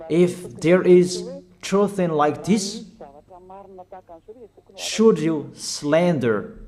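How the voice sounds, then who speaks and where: A man preaching a sermon in halting non-native English, urging his listeners with short, repeated commands and pausing on fillers. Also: on the high side, a little mellow. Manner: emphatic, repetitive exhortation with short commanding phrases.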